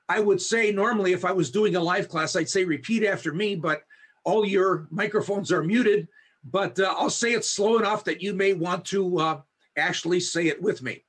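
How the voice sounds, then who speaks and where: A man, a pastor, teaching an online Bible study over a video call, speaking earnestly and reciting a blessing slowly. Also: high-pitched, a bit bright, slightly rough. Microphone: high definition video camera.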